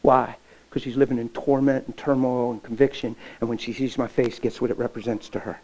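Dark-voiced man preaching a story. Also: mid-range voice, flat delivery, a little fast, poor audio. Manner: emotional, acts out dialogue, drops to near whisper. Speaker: pastor. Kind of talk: sermon storytelling.

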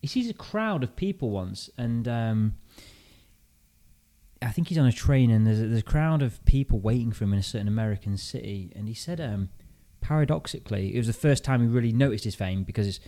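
A British man hosting a podcast tells a story in a casual, chatty way. He thinks aloud with frequent restarts and keeps a middle-pitched, everyday voice. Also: animated, brisk, warm tone. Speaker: podcast host. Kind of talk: casual chat.

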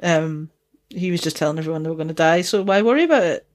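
A woman's voice: deep voice, animated, fast talker. A woman with a Dundee Scottish accent, tinged with Geordie, co-hosting a casual chat podcast and laughing often. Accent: Dundee Scottish with Geordie mix. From Scotland. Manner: laughs often, chatty and swearing. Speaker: podcast co-host.

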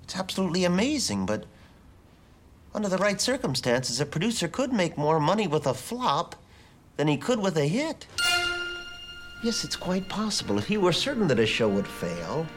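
A woman's voice: lowish voice, big pitch swings, normal speed, slight background noise, voice pushed down. A woman voicing a timid man who murmurs his thoughts half to himself, with music behind. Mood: musing. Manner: hushed, musing, half to himself. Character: timid man musing on a scheme.

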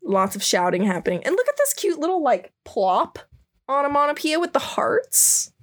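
A woman's voice: sits high, very animated, normal speed. A woman podcast host chatting casually through a comic, giggly and full of fillers. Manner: giggly, lots of "like". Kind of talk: casual chat describing a comic.

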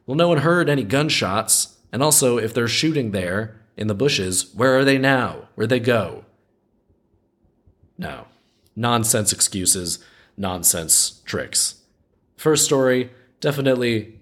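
A man's voice: mid-range voice, lively intonation, moderate pace. A man hosting a storytelling show, reading a folk tale aloud and breaking off for wry, skeptical, rambling asides. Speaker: podcast host reading folk tales. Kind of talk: storytelling with casual commentary.

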